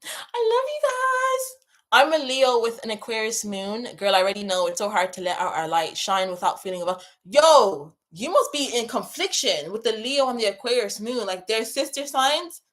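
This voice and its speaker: A woman hosting a casual livestream as a spiritual coach, passionately chatting, repeating herself and giving viewers shout-outs. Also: medium pitch, animated, normal speed, hardly any pauses. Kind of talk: casual livestream chat reading out comments.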